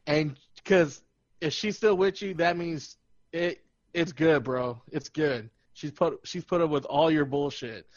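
A man's voice: on the high side, unhurried, no echo, muffled recording. A young man co-hosting a podcast, rambling loosely with laughs and swearing. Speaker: podcast co-host. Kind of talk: casual chat.

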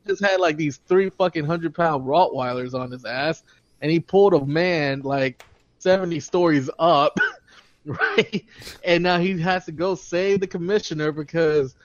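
A man's voice: fairly high pitch, unhurried, no echo. A man co-hosting a podcast, telling stories in a casual, profane way and laughing often. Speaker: podcast co-host. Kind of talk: casual chat. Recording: dull lo-fi, dry.

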